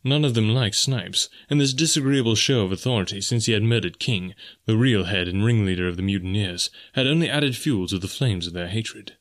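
A male audiobook narrator telling an adventure story. His voice sits low, and he keeps a measured, even storytelling pace.

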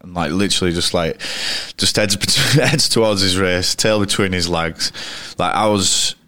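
Low-pitched and bright, he speaks at a normal speed with a forceful tone and no room sound. This Yorkshire cricketer, an interview guest at a pub, delivers casual, rambling, blunt anecdotes full of restarts.

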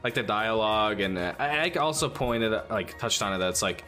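Male co-host, bright tense tone, lively pitch, slangy and loose, faint music. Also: a little fast. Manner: laid-back slangy talk, laughs often. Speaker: podcast co-host. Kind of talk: casual gaming podcast chat.

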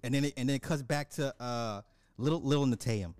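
A man giving an animated, emphatic casual recap of a movie, repeating himself for effect. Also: mid-range voice, brisk, no room sound. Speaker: movie reviewer.

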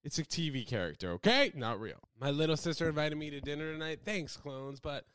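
Animated young American man chatting. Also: fairly quick, clear, resonant tone, no echo, studio quality. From United States. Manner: animated, swings between loud outbursts and low mumbles. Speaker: livestreamer. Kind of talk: casual rambling livestream chat.

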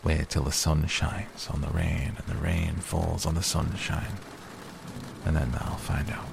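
A man voicing a grumbling, grunting old gardener who is cross but softhearted, talking with reluctant gruffness. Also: a bass voice, steady tone, unhurried, background noise, heavily acted. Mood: gruff. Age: older.

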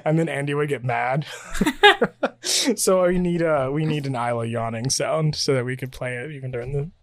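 Recorded dry through a podcast mic on video, this podcast co-host speaks at normal speed with a medium-pitched voice. He reads listener emails out loud in a casual chat, frequently laughing.

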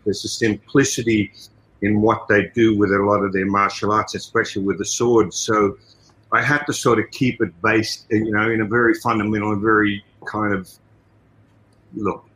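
Australian man, bright forceful voice, chatty podcast guest full of asides. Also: lowish voice, normal speed, low-quality recording. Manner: animated storytelling with many "you know" asides. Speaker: guest, martial arts trainer and fight coordinator. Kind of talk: casual interview talk.

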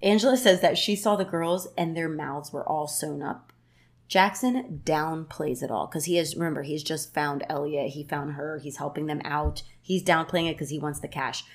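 A woman with a slightly low voice tells a story on a casual podcast. She talks in a chatty way, dropping "like" often and switching into livelier voices for the characters. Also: moderate pace. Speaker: podcast co-host retelling a film plot.

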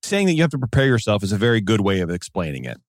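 A man co-hosting a casual podcast chat, talking in an animated, joking way and trailing off into asides. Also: fairly low pitch, racing, no echo, clean studio sound. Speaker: podcast co-host.

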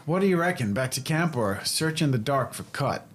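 A man with a slightly husky voice plays a tabletop role-play in a playful, questioning way. His pitch jumps around a great deal as he talks. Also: lively intonation, fairly quick. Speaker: player.

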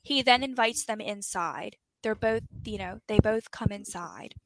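A young woman co-hosting a casual true-crime podcast, telling the story with animated energy, frequent swearing and acted-out quotes. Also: mid-range voice, a little slow, creaky, slight background noise, rough recording. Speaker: podcast co-host.

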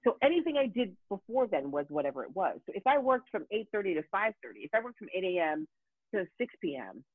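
Animated woman storyteller on a tinny line. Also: medium pitch, fast talker, husky, no room sound. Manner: animated storyteller, acts out quoted voices. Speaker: voice actor guest. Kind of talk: casual podcast chat. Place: home in Los Angeles. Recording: tinny phone-like line, dry.

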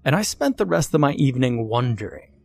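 A man telling a first-person horror story, expressive and acting out the dialogue. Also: mid-range voice, fairly quick, vocal fry, faint music behind.

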